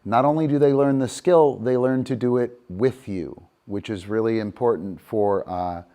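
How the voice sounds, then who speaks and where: The speaker is a middle-aged man teaching a live dog-training session in a medium-pitched voice. Gentle praise for the dogs comes first, followed by calm, unhurried explanations of each game, while his position relative to the mic keeps changing.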